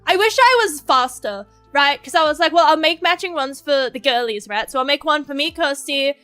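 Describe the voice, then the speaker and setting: A woman's voice: high-pitched, animated, fairly quick, pushed and bright, faint music behind. A woman chatting casually on a livestream, rambling, swearing freely and laughing often. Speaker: VTuber streamer.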